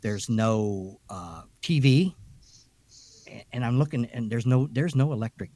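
Husky man rambling through a story. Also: mid-range voice, a little slow. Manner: rambling, full of "you know" and restarts; chatty, animated storytelling. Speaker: podcast co-host. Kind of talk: telling a ghost story, casual.

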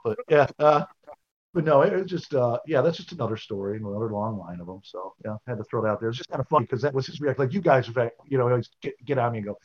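A man's voice: medium pitch, creaky, slightly rough, dull audio. A man co-hosting a casual podcast chat, telling loose anecdotes with many fillers. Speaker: podcast co-host.

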